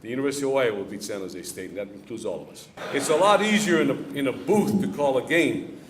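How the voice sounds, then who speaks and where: A man's voice: mid-range voice, expressive, fast, background noise. A middle-aged man, a head football coach, answering audience questions at a club luncheon in a plainspoken way and repeating key lines for emphasis. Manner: plainspoken, coaching-talk rhythm. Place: event hall before a live audience.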